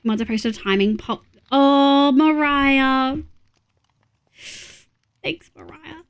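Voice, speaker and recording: Brief: Australian woman, streamer, chatty and sweary, voice a touch high. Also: takes it slowly, muffled recording. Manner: chatty, swears freely, giggly. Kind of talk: casual live-stream chat.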